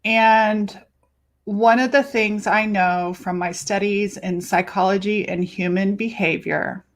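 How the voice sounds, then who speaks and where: A woman coach hosting her own podcast, talking casually with lively emphasis and free swearing. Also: medium pitch, slow pace. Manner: animated, chatty, swears freely, stretches words for emphasis. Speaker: life and business coach, podcast host.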